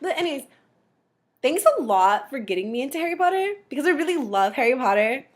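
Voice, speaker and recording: A woman's voice: high-pitched, very animated, quick pace. A young woman recording a casual, rambling graduation message to her sibling, giggling and using lots of filler words.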